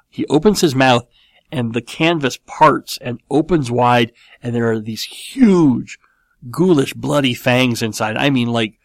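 A man in his forties, a show host and parent, telling a casual story in an animated, rambling way with many fillers and restarts. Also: mid-range voice, no echo.

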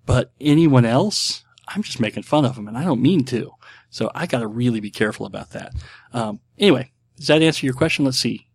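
A man's voice: mid-range voice, gravelly, no echo. Rambling middle-aged man, dry close sound. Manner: rambling and reflective, with many restarts and filler words. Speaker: host answering viewer questions. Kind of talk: casual talk answering questions.

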